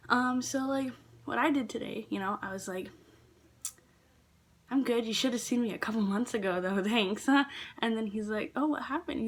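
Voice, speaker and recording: A teenage girl vlogs about her work stories, chatty and full of fillers, occasionally dropping to a whisper. Her voice is mid-range and husky.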